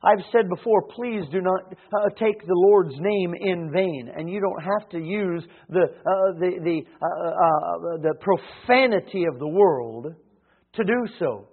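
High-voiced preacher on a tinny line. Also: male voice, unhurried, breathy edge. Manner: dynamic preaching, swinging between hushed and emphatic; frequent hesitations with "uh". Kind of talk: sermon. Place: church sanctuary. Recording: tinny phone-like sound.

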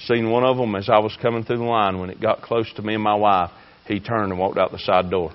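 A man preaching a fiery sermon, swinging between shouting and hushed tones. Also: on the low side, steady tone, brisk, muffled recording. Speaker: pastor.

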